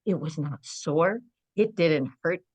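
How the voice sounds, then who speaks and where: A middle-aged woman, a guest on an interview podcast, telling stories in an earnest, animated way and often saying "you know". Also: low voice, takes it slowly, breathy edge, dry recording, poor audio.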